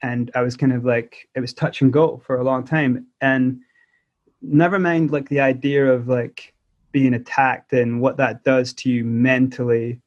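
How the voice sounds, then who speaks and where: A man's voice: medium pitch, steady tone, a little slow. Man, forties, Scottish accent with South African traces, rambling storyteller, dull lo-fi sound. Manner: rambling, many restarts and "like" fillers. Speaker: podcast guest, musician. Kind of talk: casual interview storytelling. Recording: dull lo-fi audio.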